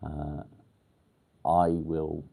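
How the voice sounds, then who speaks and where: A man from near Warrington in England, chatting casually on a livestream and reading comments, pausing often to think and filling gaps ums. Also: rumbling low, completely flat delivery, creaky, warm tone, husky. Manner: halting, pauses to think with many ums; swears casually. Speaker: livestream host.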